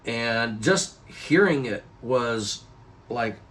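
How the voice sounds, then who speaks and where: A man's voice: mid-range voice, extremely slow. A man telling a personal story to camera in a casual vlog, rambling with restarts and jumping into other people's lines. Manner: rambling, animated retelling with many restarts and acted quotes. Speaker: YouTuber.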